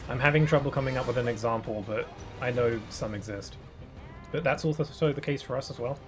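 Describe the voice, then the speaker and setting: A British man chatting casually while he streams a game, his voice sitting at an ordinary middle pitch. He rambles and muses aloud, filling gaps with "um"s and soft chuckles. Faint music runs behind him. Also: brisk. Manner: rambling, musing, with frequent fillers and chuckles. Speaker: gaming streamer.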